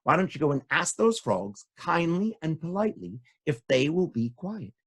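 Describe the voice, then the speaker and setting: Man voicing a queen, calm, wise, polite, husky. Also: fairly high pitch, moderate pace, heavily acted. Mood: patient. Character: smart, calm queen, gentle.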